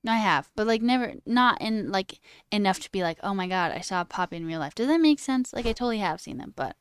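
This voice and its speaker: A woman's voice: medium pitch, animated, fast talker, smooth. A woman streamer in casual, playful live chat, musing aloud and answering her viewers. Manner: playful and chatty, musing aloud over word sounds. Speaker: livestreamer.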